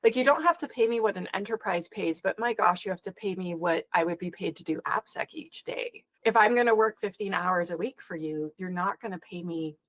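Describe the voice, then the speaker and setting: A woman guest on a podcast, telling stories with lots of quoted back-and-forth and a frustrated, animated edge. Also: on the low side, brisk, hardly any pauses, dry recording, low-quality recording. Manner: animated, exasperated storytelling with quoted dialogue. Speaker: podcast guest, security educator. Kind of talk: conversational interview.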